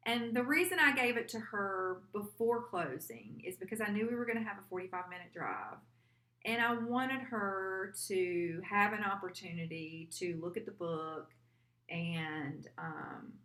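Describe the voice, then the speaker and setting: Woman agent telling a heartfelt work story, bright voice, kinda echoey room. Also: medium pitch. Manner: heartfelt, earnest, quotes her client aloud. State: a little teary. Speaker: real estate agent. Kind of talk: personal storytelling vlog.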